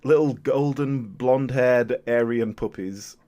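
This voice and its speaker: A man's voice: mid-range voice, measured pace, mellow, lo-fi sound. A man co-hosting a podcast, trading dry, teasing jokes in casual chat. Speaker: podcast co-host.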